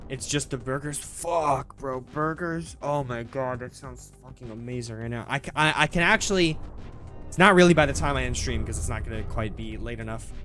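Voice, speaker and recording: A man's voice: mid-range voice, moderate pace, a bit bright, soft background music. A young man streaming a game, rambling casually with lots of swearing, restarts and "bro". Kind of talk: casual gameplay commentary.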